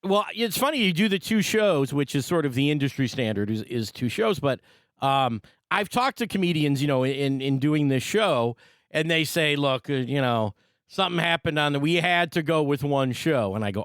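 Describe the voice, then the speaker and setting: An animated man hosts a casual chat from his desk, and his voice jumps high and low as he talks. It sits fairly high for a man. He agrees often and laughs easily. The sound is dry and close, with no room around it. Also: moderate pace, smooth, no room sound. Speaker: podcast host.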